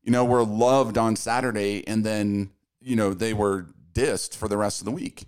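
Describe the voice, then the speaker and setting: A man from Utah hosting a podcast, talking in a relaxed, casual way. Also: lowish voice, moderate pace, smooth. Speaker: podcast host. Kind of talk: casual podcast chat and read ad.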